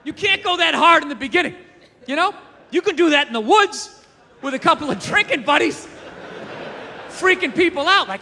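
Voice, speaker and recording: Stand-up comic, male, very high and bright voice, heard in a reverberant hall. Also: moderate pace, pauses often, slight background noise. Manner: profane, rambling, animated rants with acted-out quotes. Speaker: stand-up comedian. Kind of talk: stand-up comedy routine.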